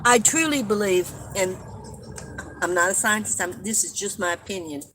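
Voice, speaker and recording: A woman's voice: medium pitch, normal speed, background noise. An older woman hosting a casual live-stream chat, rambling and chatty, laughing at her own stories and coughing often.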